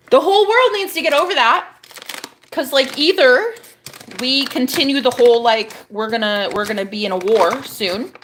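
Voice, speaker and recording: A young woman vlogging in a casual, rambling chat, cursing freely and breaking into high, exclaiming rants. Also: slight background noise.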